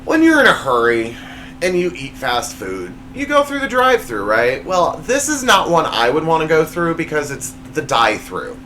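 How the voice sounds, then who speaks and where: Comedy host, male, lively pitch, bit high, noisy home recording. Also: normal speed. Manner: jokey, reads punchlines with big pitch swings. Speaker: show host. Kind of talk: comedy monologue.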